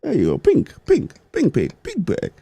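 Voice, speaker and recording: A man doing a jittery Irish job applicant with a put-on lilt, his voice jumping far up into a squeaky, wildly swinging register as he stumbles over his words in a told joke. The sound is close and dry, with a dark edge under it. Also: huge pitch swings, moderate pace, gravelly, slightly rough, dry recording, exaggerated voice. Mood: halting, eager. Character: Irish man at a job interview, nervous but game.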